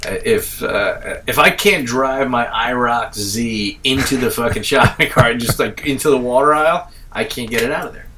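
A man's voice: medium pitch, moderate pace, few pauses, recorded from a distance, noisy background. A middle-aged man from Staten Island, telling a rambling, profane story in casual chat.

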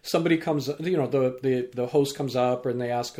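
A man guest on a podcast, a teacher and speaker, telling a story with lively acted-out dialogue. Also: medium pitch, brisk, few pauses. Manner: animated, acts out quoted dialogue. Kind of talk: storytelling in an interview.

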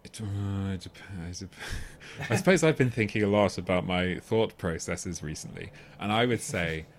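A man's voice: sits low, normal speed. A man co-hosting a film podcast in casual chat, rambling, often restarting, laughing and asking "do you know what I mean.". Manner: laughs often while talking. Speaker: podcast co-host.

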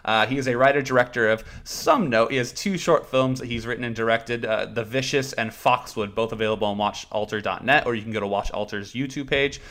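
A man's voice: medium pitch, a bit bright. A young man hosting a podcast, joking and rambling in a self-mocking, casual way. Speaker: podcast host.

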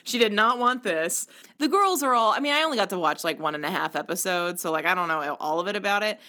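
A woman's voice: on the low side, quick pace. A woman co-hosting a casual chat, telling stories animatedly and acting out what people said. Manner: animated storytelling, acting out quotes. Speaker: podcast co-host.

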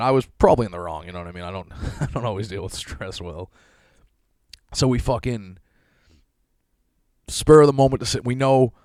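A man's voice: medium pitch, dry recording. Profane, rambling man in his thirties. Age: 30s. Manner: rambling, profane, self-deprecating storytelling; laughs often while telling stories. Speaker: podcast host. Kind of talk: casual solo podcast monologue.

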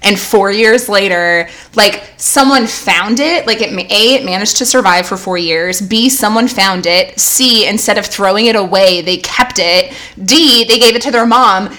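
A woman's voice: medium pitch, normal speed, few pauses, bright, forceful tone. A young woman co-hosting a podcast, rambling through personal stories in casual chat with lots of "like" and frequent laughs. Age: young adult. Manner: rambling, heavy use of "like", laughs often. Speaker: podcast co-host.

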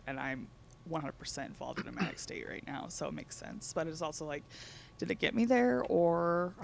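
A woman's voice: lowish voice, gravelly, slight background noise. A woman co-hosting a casual chat, telling rambling laid-back stories full of fillers and laughter.

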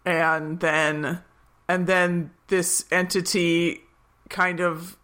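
Bright, animated woman recapping a movie. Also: fairly low pitch, very slow. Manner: animated, laughs often, acts out quotes. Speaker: podcast co-host. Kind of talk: casual movie recap chat.

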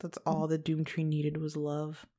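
A woman's voice: low-pitched, completely flat delivery, measured pace, mellow. A woman chatting casually as a podcast guest, hesitant and giggly, with many fillers and restarts. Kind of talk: casual chat.

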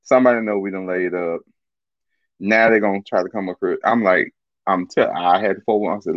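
A man telling a long casual story. He is animated and profane, uses a lot of slang, and laughs often. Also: sits low, brisk, dry recording. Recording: dull, muffled dry recording.

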